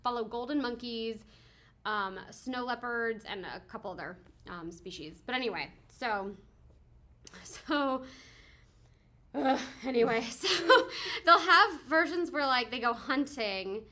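This podcast co-host has a fairly high, animated voice with a sharp tone, yet she speaks slowly. Her casual chat wanders through a meandering story full of laughs and fillers.

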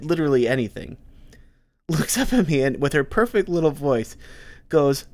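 Animated storytelling man, lively pitch. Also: normal speed, long pauses, no room sound. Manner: animated storyteller, acts out quotes. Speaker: podcast co-host. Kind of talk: casual chat.

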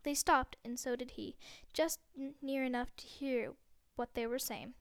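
Give me a woman reading a novel aloud with small stumbles and restarts. Her voice is smooth and high-pitched. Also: a little slow, hardly any pauses, dry recording. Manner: steady, with frequent slips and restarts. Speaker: reader.

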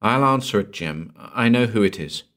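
A man's voice: lowish voice, lively intonation, moderate pace, a bit bright. A man voicing a frightened young married woman who speaks in a strained, anxious voice.

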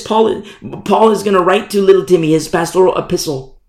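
A man preaching a sermon, animated storytelling that acts out the people in it. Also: high voice, brisk, roomy sound. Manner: animated storytelling, acting out voices.

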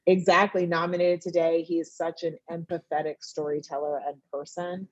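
Husky woman telling stories animatedly. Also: normal speed, dry recording, dull audio. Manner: animated, acts out friends' voices in high bursts, laughs often. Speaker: guest, TV writer and director. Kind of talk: casual conversation.

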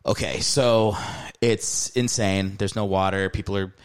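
Low smooth-voiced man telling stories. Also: steady tone, a little slow. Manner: laughs often, swears, tells stories. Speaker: podcast host, comedian. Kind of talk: casual chat.

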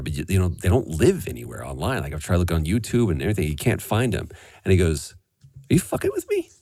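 A man in his forties tells stories on a podcast in a deep voice that swoops up and down with animation. He swears casually, and the sound is dry and close, with no room at all. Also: no echo. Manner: animated storyteller, swearing freely. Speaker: voice actor guest.

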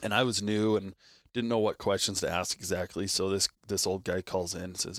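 A man with a fairly low voice, telling a story in casual conversation. He throws himself into the quoted lines with sudden leaps in pitch. The sound is close and dry. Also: brisk, dry recording. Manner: animated storyteller who acts out quotes with big jumps in pitch. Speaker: co-host in hunting talk, works at an optics shop.

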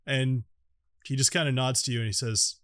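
A man narrating as game master for a tabletop game, in a casual, halting way with many fillers. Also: medium pitch, steady tone, fairly bright tone, dry recording.

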